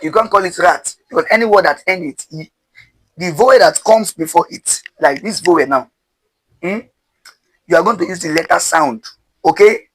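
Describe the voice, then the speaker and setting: A man's voice: sits high, normal speed, long pauses, a bit bright, poor audio. A man teaching pronunciation step by step, drilling syllables with call-and-response and asking rhetorical questions.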